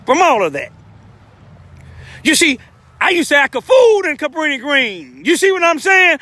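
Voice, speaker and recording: A man's voice: very high-pitched, pushed and bright. An older man giving an informal, emotional street testimony as a self-styled lay preacher, rambling with repeated asides. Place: outdoors in the cold, urban street.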